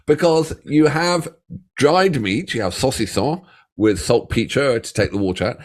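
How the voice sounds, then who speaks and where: A man with an English accent co-hosting a reaction video, bantering and teasing in a casual, animated way. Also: mid-range voice, measured pace. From England. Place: home studio.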